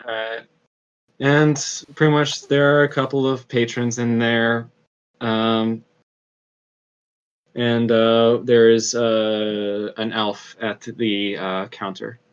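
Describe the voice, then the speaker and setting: A man narrating as game master of a tabletop game, unhurried and hesitant, with many fillers. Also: mid-range voice, little pitch movement, clean tone. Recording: slightly dull lo-fi audio.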